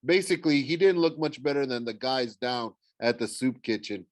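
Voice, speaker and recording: A man's voice: medium pitch, animated, normal speed, no echo. A man narrating a novel in the first person, stumbling and correcting himself now and then. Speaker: audiobook reader.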